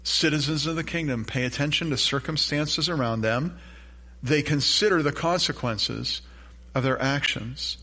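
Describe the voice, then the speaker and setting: A man's voice: on the high side, pushed and bright. A middle-aged man preaching a sermon as pastor, telling a self-deprecating story and asking the congregation questions.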